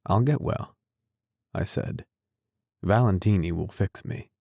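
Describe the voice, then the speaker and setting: Slow gravelly male audiobook narrator. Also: deep voice, no echo, studio quality. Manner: measured, quiet, understated. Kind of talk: audiobook reading.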